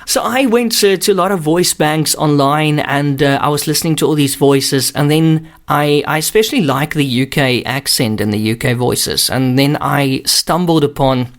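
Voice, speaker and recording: A man with a South African accent hosting a casual radio interview, chatty and quick, often laughing. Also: on the high side. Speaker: radio host.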